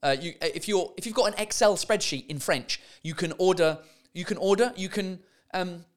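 A man's voice: high voice, moderate pace. A man hosting a comedy podcast, chatting and swearing casually as he laughs his way through mistranslated signs. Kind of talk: casual comic monologue.

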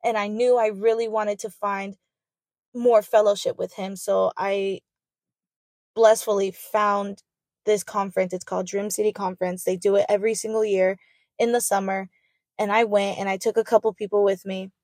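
A woman's voice: medium pitch, flat delivery, moderate pace, a little mellow, dry recording, studio quality. A young woman telling her personal faith testimony in an earnest, emotional way. She often repeats phrases for emphasis.

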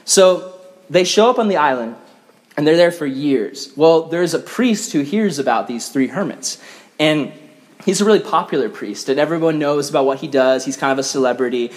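Young man, casual youth sermon, chatty storyteller, slightly high voice, long hall reverb. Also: moderate pace. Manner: animated storytelling, many filler "like"s. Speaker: youth pastor.

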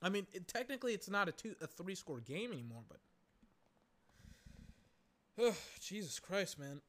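Young male podcast host, high and bright, rambling and exasperated, fillers and cursing. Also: big pitch swings, normal speed. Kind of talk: casual live game commentary. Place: home, in a recliner.

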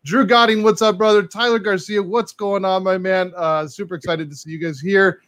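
A man's voice: sits high, moderate pace, no echo. Chatty guy cohosting a live stream, keeps saying dude and man, dry close sound. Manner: excitable, chatty, says "dude" and "man" a lot. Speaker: co-host reading live comments. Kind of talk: casual live-stream chat.

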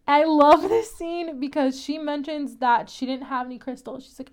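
A woman's voice: high voice, fairly even intonation, normal speed, few pauses. A young woman hosting a casual, chatty recap of a TV episode, laughing often as she talks. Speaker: podcast host.

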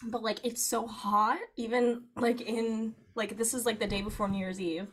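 A young woman telling a long personal story in casual chat, animated, laughing often and filling her speech with "like". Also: fairly high pitch, normal speed, breathy edge. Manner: animated, laughing, frequent "like" fillers.

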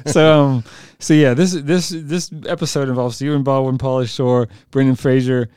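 A man's voice: mid-range voice, fairly even intonation, normal speed, darkish tone, clear, resonant tone, no echo, studio quality. A man hosting a podcast in casual chat, talking loosely with lots of filler words. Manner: chatty, lots of "like" fillers, laughs easily. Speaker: podcast host.

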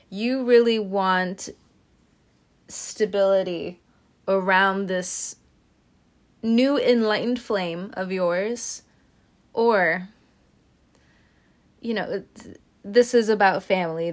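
Woman, tarot reader, low voice, slow unhurried delivery, gentle, tearful, laughing, trailing off. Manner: gentle and emotional, laughing and breaking off mid-sentence. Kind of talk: casual tarot reading to viewers.

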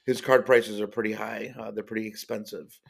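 A man's voice: fairly low pitch, level tone, a little fast, gravelly. A man hosting a solo podcast, talking casually about soccer players, rambling with many fillers and stopping to correct himself. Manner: rambling, many ums and uhs, self-correcting. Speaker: podcast host. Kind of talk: casual solo sports-card podcast talk.

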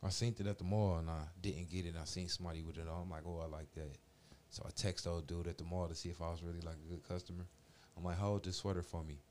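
A man's voice: low-pitched, fast, hardly any pauses, a little hiss or hum. A man in his forties telling a long story in casual chat, full of slang and swearing, acting out the voices of the people in it. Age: 40s. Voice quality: profane slangy street talk, animated retellings.

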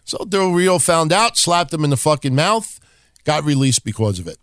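Male podcast host, slightly higher voice, blunt and profane, dry close sound. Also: very animated, normal speed, a bit bright, no room sound. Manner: blunt and profane, wry asides. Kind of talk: casual wrestling history talk.

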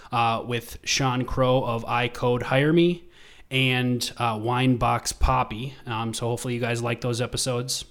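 Easygoing male podcast co-host. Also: medium pitch. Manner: relaxed, lots of ums and uhs. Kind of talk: casual podcast chat.

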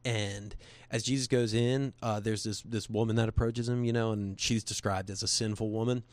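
A man's voice: lowish voice, steady tone, moderate pace. A man earnestly telling a personal faith story in casual conversation, rambling with restarts and slipping into quoted voices.

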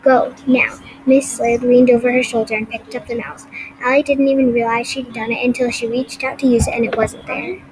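Female reader for a novel, fairly high voice, steady and clear, faint noise behind. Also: fairly quick. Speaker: audiobook reader. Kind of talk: reading a novel aloud.

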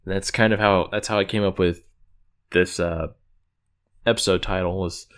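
A man with a deep, clear, resonant voice casually recaps an episode he wrote, speaking at normal speed with fairly even intonation and a slightly bright tone. He's loose and chuckling, rambling with frequent fillers and correcting himself.

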